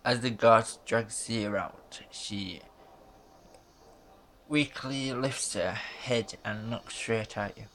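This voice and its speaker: A man reading a story game's narration aloud, in a flat, unhurried way with small stumbles and casual asides. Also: on the low side, slight background noise.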